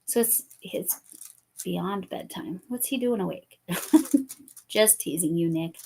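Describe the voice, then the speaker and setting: A woman's voice: fairly low pitch, takes it slowly, vocal fry, a little mellow, a little hiss or hum. A woman in her fifties hosting a crochet channel, chatting casually with viewers by name while she crafts, often correcting herself.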